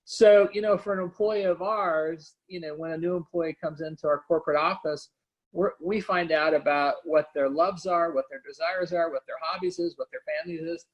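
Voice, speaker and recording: A man's voice: a little high, moderate pace, highs cut off. Earnest man speaking candidly as CEO. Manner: earnest, personal, frequent "you know" and "right?". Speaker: company founder and CEO guest. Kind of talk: candid webinar conversation.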